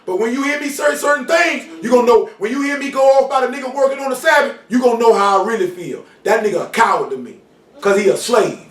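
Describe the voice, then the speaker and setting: A man preaching an informal sermon in street slang, often asking "you know what I'm saying" and shouting for emphasis. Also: extremely high pitch, fast talker. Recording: roomy hall, mic far off, faint noise.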